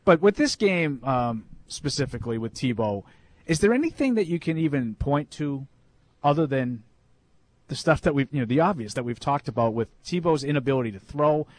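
A man's voice: medium pitch, lively intonation, normal speed, no room sound. A man co-hosting a sports talk show, chatting casually and reading listener emails aloud. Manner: conversational, reads emails aloud with amusement. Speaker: sports radio co-host.

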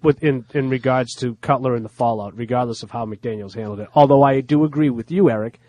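A man co-hosting a sports radio show, bantering casually, animated and teasing, often laughing. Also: mid-range voice, quick pace, no room sound, lo-fi sound.

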